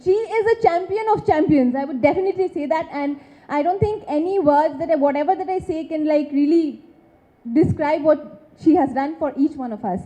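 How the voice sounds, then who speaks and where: On a dull, lo-fi recording, a West Bengali actress pours out emphatic, effusive thanks from the stage of a film launch event. Her voice is high, warm and delivered at an ordinary pace.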